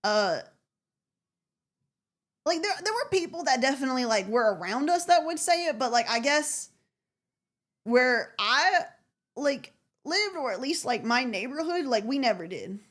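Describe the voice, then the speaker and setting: A young woman with a high, bright-sounding voice chats with her stream, her Southern US accent fading at the edges. She rambles and restarts her thoughts, leaning on "like" constantly, into a streaming mic. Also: big pitch swings. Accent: faint Southern US. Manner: rambling, heavy on "like" and restarts, quick laughs. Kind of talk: casual chat with viewers.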